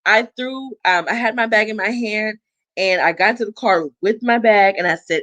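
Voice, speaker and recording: Young adult woman guest, animated storyteller, mid-range pitch, dry mic. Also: moderate pace, no echo. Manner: animated, acts out quoted dialogue with big pitch swings. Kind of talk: personal storytelling.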